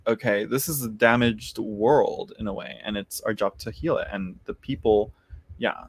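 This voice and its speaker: A man's voice: lowish voice, moderate pace, breathy edge, no echo. A man hosting a casual live tarot chat, rambling with many restarts and laughing easily as he talks to viewers.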